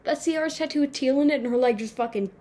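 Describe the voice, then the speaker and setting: A woman's voice: sits high, quick pace, darkish tone, slight background noise. A nineteen-year-old woman chatting casually to her camera at home, rambling, swearing and poking fun at herself. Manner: rambling, swearing, self-mocking. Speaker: vlogger. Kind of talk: casual chat. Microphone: camera mic.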